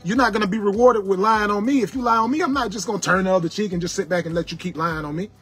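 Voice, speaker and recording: A man with a high, fairly bright voice races through an angry rant aimed at his viewers, with faint music behind him. The internet personality preaches like a sermon, repeating his warnings again and again.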